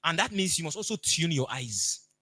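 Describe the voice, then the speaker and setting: Bright emphatic Nigerian man coaching. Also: on the high side, sing-song, moderate pace, no echo. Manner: storytelling, emphatic, acts out dialogue. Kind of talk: motivational talk.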